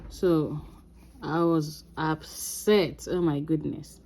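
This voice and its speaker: A woman with a Ghanaian accent telling a story from her own life in a casual vlog, animated and laughing often. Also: low-pitched, extremely slow, a little hiss or hum. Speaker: crafting vlogger.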